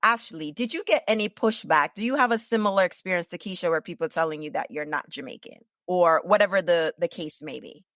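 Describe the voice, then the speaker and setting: A woman's voice: fairly low pitch, fairly quick, hardly any pauses, a bit bright, dry recording, studio quality. A woman hosting a podcast who asks her guests short, direct questions. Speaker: podcast host. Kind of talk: interview questions.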